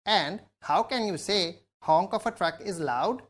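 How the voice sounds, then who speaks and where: A woman's voice: fairly low pitch, expressive, a little slow. Curious woman asking science questions. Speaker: student. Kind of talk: scripted educational dialogue.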